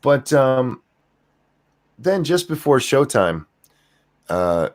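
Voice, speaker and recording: An older man hosting a casual podcast chat, relaxed and rambling with fillers. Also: medium pitch, drawn-out words. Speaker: host.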